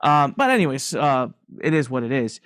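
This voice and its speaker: A middle-aged man, a podcast guest, telling his story candidly in an emphatic, animated way and repeating phrases for emphasis. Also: mid-range voice, moderate pace, no echo.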